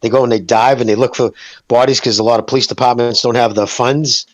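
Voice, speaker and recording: A man's voice: medium pitch, steady tone, quick pace. A man in casual podcast chat, laughing along and swearing casually as he recalls old jokes.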